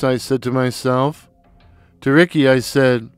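Slow, wry male storyteller. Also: mid-range voice, smooth, no room sound, soft background music. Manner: sardonic, deadpan, deliberate. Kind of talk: dry, wry spoken storytelling.

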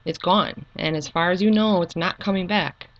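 A middle-aged woman talking earnestly and hesitantly in a personal video monologue, pausing with frequent ums. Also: on the low side, muffled recording. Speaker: YouTube channel creator.

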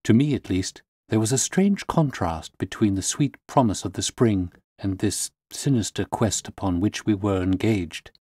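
Man calmly narrating a classic story. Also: on the low side, normal speed, few pauses, slightly rough, no room sound, clean studio sound.

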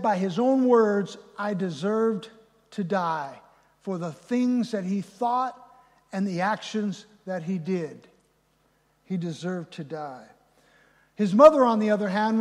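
A man preaching a live sermon as pastor, going from loud emphatic peaks to quiet low passages. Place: church sanctuary. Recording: reverberant church hall.

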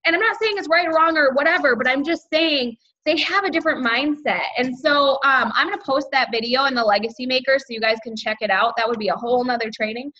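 Upbeat female team leader on a video call; bright, slightly high voice, lo-fi sound. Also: quick pace, hardly any pauses. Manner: upbeat, chatty, many fillers. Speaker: team leader hosting a sales training call. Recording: dull lo-fi video call audio.

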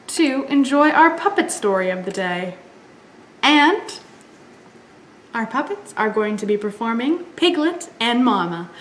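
A woman librarian leading a children's storytime, reading and chatting in a slow, expressive sing-song. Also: on the high side, slight background noise. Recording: roomy echo.

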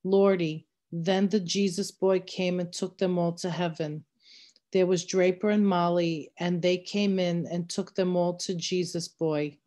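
A dazed old frontier man, read by a woman lilts along in a repetitive sing-song, lost in his own world. The voice sits a little low and drifts dreamily from phrase to phrase. It is a read-aloud storybook part. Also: fairly even intonation, measured pace, dark tone, close to an everyday voice. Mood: sing-song, rambling. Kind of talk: reading a novel aloud.

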